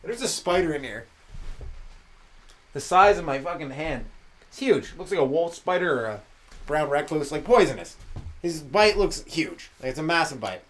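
A man's voice: fairly high pitch, expressive, moderate pace, long pauses, fairly bright tone. A male comedian hosting a podcast, rambling through a loose, profane solo monologue and dropping into mocking voices for the people he quotes.

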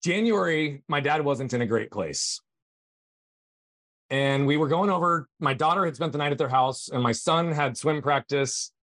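A man's voice: fairly high pitch, lively intonation, normal speed, a bit bright, dry recording, studio quality. Earnest middle-aged man telling a story. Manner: earnest, emphatic retelling. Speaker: podcast guest. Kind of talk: personal storytelling in conversation.

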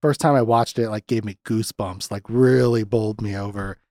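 A man hosting a podcast, chatting loosely about a movie with lots of restarts and animated asides. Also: fairly low pitch, brisk, no room sound, clean studio sound. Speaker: podcast host. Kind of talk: casual film discussion.

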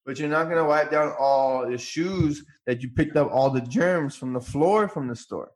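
A man's voice: on the high side, moderate pace. A man co-hosting a casual podcast chat, laid-back and slangy. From California. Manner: laid-back, slangy, says "bro" and "dude". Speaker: podcast co-host.

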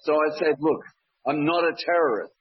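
A man's voice: on the high side, normal speed, husky, muffled recording. A man telling his side of a story in a casual chat, blunt and swearing a lot.

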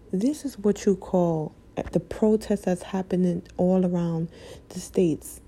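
A woman speaking in an emotional personal vlog, halting and impassioned, close to tears. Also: on the low side, mellow. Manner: halting, impassioned, breaking off mid-sentence.

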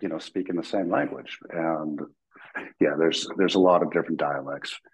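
A man's voice: low-pitched, normal speed, creaky, breathy edge, poor audio. A man, a military veteran, telling a story casually as a guest and acting out the voices of the people in it. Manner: animated, acts out quoted voices, laughs while telling.

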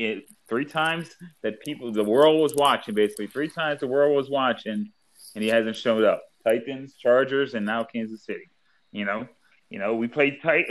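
A man's voice: mid-range voice, low-quality recording. A man on a sports talk panel, speaking bluntly like a devoted fan. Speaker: podcast panelist.

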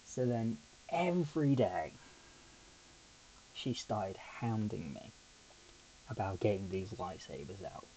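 A man's voice: fairly low pitch, animated, takes it slowly, long pauses, dark tone, a little hiss or hum, poor audio. A man hosting a podcast on his own, telling a rambling, chatty story full of asides. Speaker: podcast host. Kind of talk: casual solo podcast chat.

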